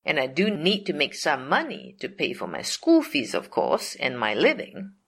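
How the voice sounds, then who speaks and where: A woman's voice: low-pitched, wildly swooping pitch, normal speed, a bit bright, slightly rough. An older woman telling a personal faith testimony in an earnest, repetitive way. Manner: earnest, repetitive, leans on "of course" and "whatsoever". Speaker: storyteller sharing a faith testimony.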